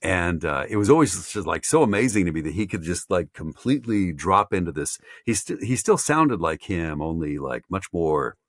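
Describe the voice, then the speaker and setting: Give me a low-voiced man with a lively, gravelly voice, talking casually as a mentor. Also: normal speed, few pauses, no echo, clean studio sound. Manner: rambling, lots of fillers and restarts. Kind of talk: casual chat.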